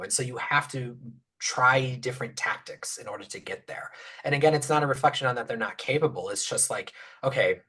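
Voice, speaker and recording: A man speaking as a panelist, reflective and full of fillers, often trailing off quietly. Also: medium pitch. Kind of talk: academic panel discussion.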